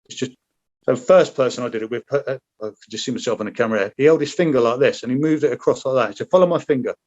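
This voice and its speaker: A man talking in a frank, rambling way, swearing freely as he tells his story. His voice sits at an everyday middle pitch. The recording sounds a little muffled and dull. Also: very fast, darkish tone. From Britain. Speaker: podcast guest, former paratrooper. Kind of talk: casual interview chat.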